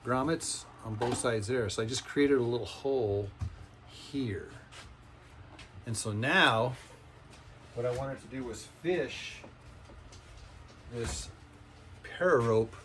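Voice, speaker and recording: A man's voice: mid-range voice, unhurried, long pauses, slight background noise. A man casually showing off a homemade cigar box guitar, chatty and rambling, often restarting his sentences. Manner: chatty, rambling, self-correcting. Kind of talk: casual workshop demonstration. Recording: guitar music playing behind.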